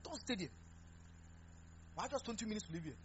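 Pastor, male, animated sermon delivery, swoops high and low. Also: brisk, a little hiss or hum. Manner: animated, mixing Pidgin, laughing and exhorting. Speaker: preacher. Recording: dull lo-fi recording with faint music.

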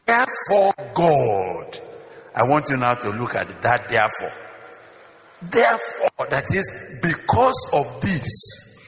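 A man's voice: medium pitch, very animated, unhurried, a bit bright, big-room sound, faint music behind. A male pastor preaching a sermon in a church, emphatic, firing repeated rhetorical questions at the congregation.

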